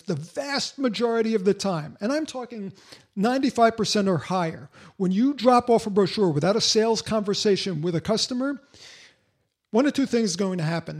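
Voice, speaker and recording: Older guy lecturing sales reps, blunt and punchy, pretty high voice. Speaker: sales coach. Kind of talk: podcast monologue.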